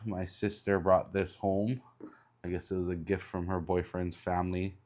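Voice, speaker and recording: A young adult man with a stuffed-up, congested voice, giving a relaxed, chatty vlog update. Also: low voice, no echo. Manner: relaxed, chatty, many ums. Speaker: car salesman vlogger. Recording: background noise behind the voice.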